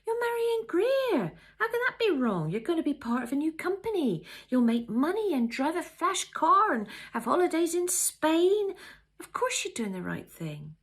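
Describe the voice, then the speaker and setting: A woman reading aloud, voicing a teasing young bridesmaid with a husky, gravelly voice. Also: very high voice, big pitch swings, normal speed, pitched above the performer's own voice, heavily acted. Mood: reassuring.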